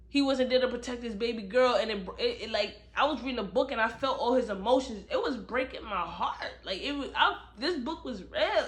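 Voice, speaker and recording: A woman giving a casual book review, retelling the plot in an animated way and acting out the characters' lines, recorded at home. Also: a little high.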